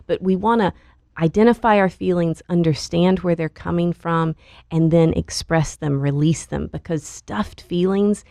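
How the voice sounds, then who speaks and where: A woman who is a licensed counselor, calmly explaining coping skills as a podcast guest. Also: fairly low pitch, vocal fry, no echo, clean studio sound. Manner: calm, measured explaining. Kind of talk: podcast interview.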